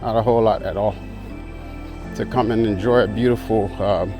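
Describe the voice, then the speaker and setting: A man's voice: lowish voice, steady tone, normal speed, music in the background. A man vlogging casually on a rural trail, out of breath from the climb, easygoing and chuckling, recorded on a handheld camera. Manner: easygoing, chuckles often, greets locals. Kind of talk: casual travel vlog.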